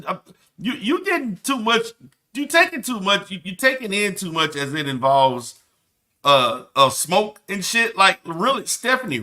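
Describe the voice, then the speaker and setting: A man mocks what he hears, his voice high and bright as it bounces up and down. He keeps laughing between exasperated lines. The talk is loose, profane reaction commentary.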